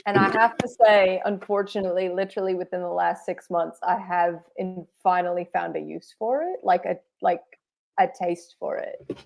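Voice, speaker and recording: A woman co-hosting a podcast in casual chat, telling stories in a lively, animated way. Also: on the low side, moderate pace, creaky. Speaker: podcast co-host.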